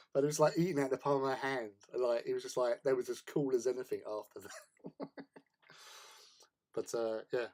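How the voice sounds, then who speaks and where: A man's voice: medium pitch, a little mellow. A man chatting casually on a hobby stream, rambling through anecdotes and chuckling often.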